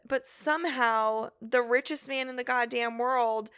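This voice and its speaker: A young woman co-hosting a podcast, chatting in a lively way and acting out quoted lines as she goes. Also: on the high side, smooth, no echo, studio quality. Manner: chatty, animated, quick quoted asides. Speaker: podcast co-host. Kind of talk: casual chat.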